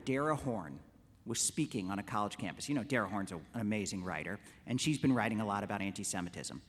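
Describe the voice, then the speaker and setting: A man, a rabbi, giving a conversational lecture to a congregation and telling jokes in an animated way. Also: mid-range voice, in a large hall. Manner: animated storyteller, conversational with restarts.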